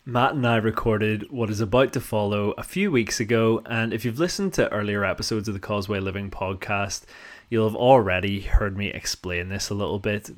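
North down guy rambling on his podcast, laughs at himself a lot, lower voice. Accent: North Down, Northern Ireland. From North Down, Northern Ireland. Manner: chatty, self-mocking, laughs often. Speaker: podcast host. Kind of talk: casual podcast monologue.

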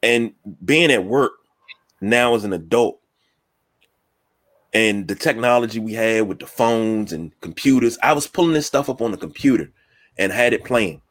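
A man hosting a casual sports talk show, telling stories from work and school with lively acted-out quotes. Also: fairly low pitch, normal speed. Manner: storytelling, animated when acting out quotes.

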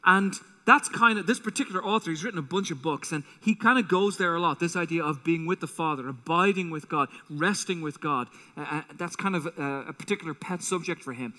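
A man preaching a sermon as pastor, animated and acting out quotes with a rising voice, in a church auditorium. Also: a little high, fairly quick, few pauses. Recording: long hall reverb.

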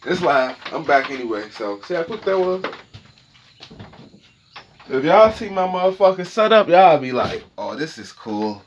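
His voice sits high and moves at normal speed, broken by long pauses, with slight background noise. The man is hosting his own podcast from home in a loose, cursing solo rant, animated and forever asking "okay?" to check in with listeners.

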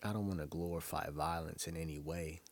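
A man's voice: rumbling low, steady tone, brisk, gravelly. A young man from Brooklyn, talking in a loose, rambling, profane monologue to his listeners. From Brooklyn, New York. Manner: loose, profane, rambling storytelling with frequent laughs. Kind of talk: casual monologue.

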